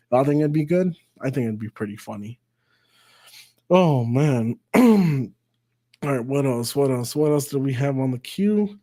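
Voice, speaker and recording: On his live stream, this man tells a profane, meandering story packed with swearing and restarts, laughing at himself as he goes. His voice is mid-range and dark.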